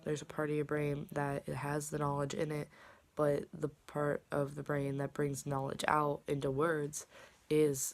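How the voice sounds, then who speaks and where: Young woman vlogger, low gravelly voice, rambling chatty delivery. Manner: rambling, filler-heavy, drops into soft whispers. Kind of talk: casual personal vlog.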